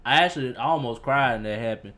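A man's voice: mid-range voice, quick pace, sharp tone. A young man co-hosting a casual sports chat in a laid-back, laughing way. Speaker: podcast co-host.

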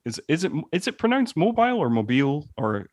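A man's voice: a little high, big pitch swings, brisk, no room sound, clean studio sound. Rambling man chatting about a film. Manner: rambling, many restarts and fillers. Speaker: podcast co-host. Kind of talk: casual film discussion.

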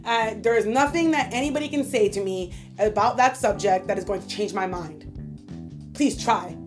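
A woman's voice: mid-range voice, moderate pace, music in the background. A woman co-hosting a casual podcast, ranting heatedly and swearing freely. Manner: profane, heated ranting with frequent laughter. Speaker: podcast co-host.

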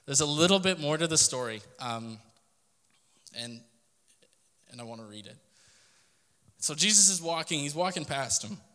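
A man's voice: fairly high pitch, expressive, moderate pace, long pauses, bright, forceful tone. Man, podcast host; earnest devotional address, tense edge, reverberant room. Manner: earnest, direct address to listener. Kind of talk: devotional talk.

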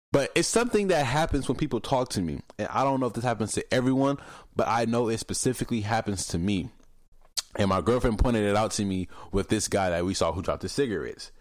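A man's voice: lowish voice, no room sound, clean studio sound. A young man hosting a casual solo podcast, telling stories bluntly, cursing freely and mimicking how other people talk. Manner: animated storytelling, mimics other people's voices. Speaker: podcast host.

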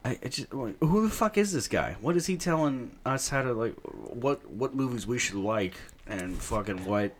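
Animated, foul-mouthed young man. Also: medium pitch, normal speed, few pauses. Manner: animated, swearing, jumps into mock voices and rants. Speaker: podcast co-host. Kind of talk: casual chat.

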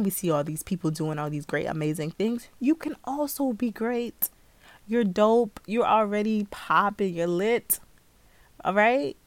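A woman's voice: medium pitch, dry recording. A young woman hosting a podcast, giving listeners a casual, playful pep talk full of slang. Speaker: podcast host.

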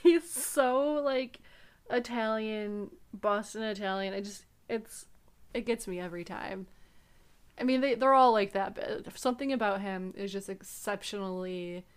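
A woman's voice: medium pitch, measured pace, clear, resonant tone. Brief: young woman podcast co-host, casual, laughing, swears freely. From upstate New York. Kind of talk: casual chat.

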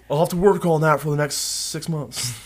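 A man's voice: a little high, a little slow. A man co-hosting a podcast in casual chat, profane and laughing, calling everyone dude. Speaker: podcast co-host.

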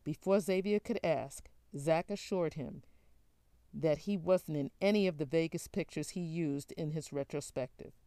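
Low, dark-voiced woman narrator. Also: normal speed, no echo. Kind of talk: audiobook narration.

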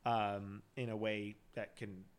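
A man's voice: on the low side, flat delivery, slow. A man co-hosting a casual podcast, retelling a crime case from his notes with plenty of fillers and restarts. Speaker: podcast co-host.

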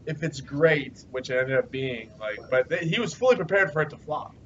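A man's voice: mid-range voice, big pitch swings, muffled recording, background noise. Jokey man in a podcast chat. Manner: jokey, quick to laugh and mimic. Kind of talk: casual chat.

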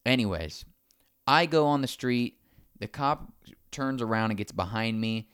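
A man's voice: mid-range voice, measured pace, clean tone, dry recording, clean studio sound. A man casually telling a long anecdote, acting out the other people's lines as he goes. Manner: animated, acts out quoted dialogue.

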